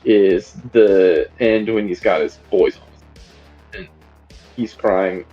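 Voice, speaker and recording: A man's voice: on the low side, slow pace, dull audio, soft background music. A man co-hosting a podcast, chatting casually about a film in a rambling way with many fillers and restarts. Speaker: podcast co-host.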